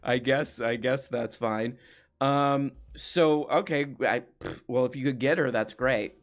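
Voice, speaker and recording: A man hosting a comedy call-in show as a deadpan straight man, calmly repeating back whatever his guest claims. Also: mid-range voice, measured pace, faint music behind.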